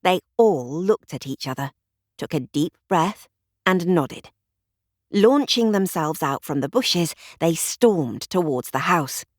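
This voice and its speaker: Expressive woman narrating a mystery. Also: on the low side, takes it slowly, no room sound, studio quality. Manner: expressive storytelling. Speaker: audiobook narrator. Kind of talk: scripted narration.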